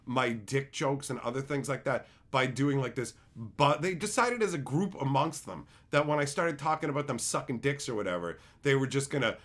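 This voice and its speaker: A man ranting casually on a livestream, blunt and heavy on the swearing. His pitch rises and falls a lot as he tells stories in a combative way, and his voice sits in a middle range. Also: animated, normal speed, hardly any pauses, fairly bright tone. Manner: profane, blunt, combative storytelling; acts out quotes with big swings in voice. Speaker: streamer and show host.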